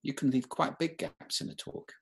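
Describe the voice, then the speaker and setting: Male presenter, husky and raspy, demonstrative delivery for a talk. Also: mid-range voice, steady tone, moderate pace. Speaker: webinar speaker.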